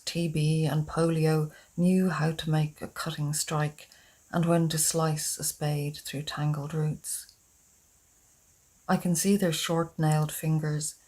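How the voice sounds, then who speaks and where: Slow, flat-voiced woman reading poetry. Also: low voice. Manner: measured, unhurried recitation. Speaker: poet reading her own work.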